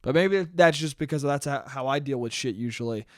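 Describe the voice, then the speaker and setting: A man's voice: mid-range voice, fairly quick, no echo, clean studio sound. A young man hosting a solo podcast, ranting casually with exasperation and plenty of profanity. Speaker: podcast host.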